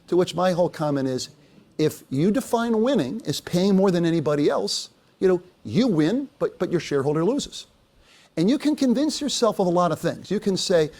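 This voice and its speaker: A man's voice: high voice, normal speed. An older man giving a business talk, telling anecdotes with quoted dialogue and asking the audience questions. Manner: lively storytelling, quotes others, asks audience. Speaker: speaker.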